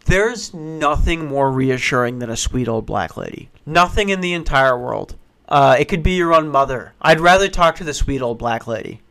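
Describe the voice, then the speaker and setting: Profane, animated male storyteller. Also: fairly high pitch. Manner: profane, animated, acts out voices, rushes when excited. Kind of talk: casual comic storytelling.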